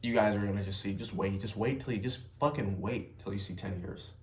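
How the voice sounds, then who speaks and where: Talking a little fast in a lowish voice, the young vlogger, who also works in sales, rants off the cuff to camera with heavy swearing and emphatic stress. The sound is roomy.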